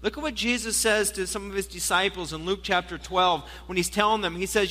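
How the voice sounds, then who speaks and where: Bright-voiced preacher man in a hall. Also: high voice, brisk, hardly any pauses. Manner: animated storytelling, playful asides. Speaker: pastor. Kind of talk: sermon. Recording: long hall reverb.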